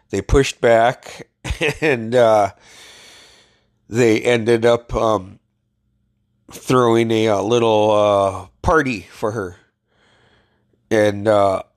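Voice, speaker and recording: A man's voice: on the low side, no room sound, clean studio sound. A man telling stories in a blunt, profane, ranting way, venting in a casual video diary while sick with covid. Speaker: vlogger.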